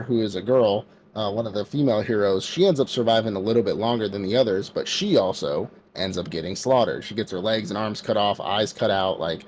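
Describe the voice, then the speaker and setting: A man with a fairly low voice retells an anime story in a loose, rambling podcast style. He slips into the characters' lines and fills his talk with "like". A faint hiss sits under the recording. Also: darkish tone. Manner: loose storytelling, acts out quotes, many fillers like "like". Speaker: podcast co-host. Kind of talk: casual anime recap.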